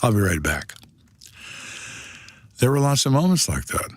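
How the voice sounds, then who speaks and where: A man's voice: medium pitch, very animated, a little slow, no echo. A man in his sixties, a retired detective, telling stories on a podcast in a blunt, dry, wry way. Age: 60s. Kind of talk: storytelling on a podcast.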